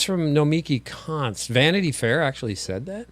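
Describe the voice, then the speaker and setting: A man's voice: a little high, lively intonation, normal speed, dry recording. A man co-hosting a casual political chat show, rambling and sarcastic with sudden exclamations. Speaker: co-host.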